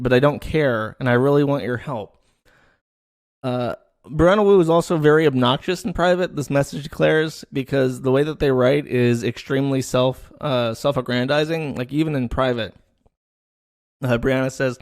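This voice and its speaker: A man's voice: mid-range voice, moderate pace, dry recording. A man giving casual online commentary, reading out messages between dry, dismissive asides. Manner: loose delivery with fillers and restarts.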